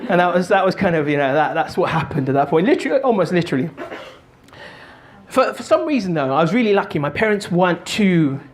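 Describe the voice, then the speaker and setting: A man gives a motivational talk in an animated, joking way. His voice sits a little higher than most men's, and he slips into character voices as he tells the story. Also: fast. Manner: animated, jokey, does voices. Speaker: motivational speaker and stand-up comic.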